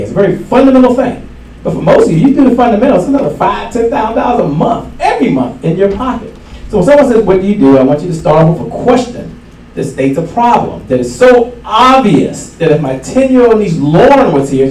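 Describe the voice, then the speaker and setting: A man giving a live sales seminar to an audience, energetic and repeating his key lines for emphasis. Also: fairly high pitch. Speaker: sales trainer. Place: event room with an audience. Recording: echoey room from far off, faint hiss.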